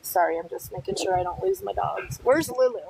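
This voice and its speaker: There's vocal fry in this woman's medium-pitched voice, and the background is noisy. She's out with her dogs, live streaming from her phone, reading viewer comments aloud in a blunt, feisty way, tossing in Spanish words and firing back at people fast.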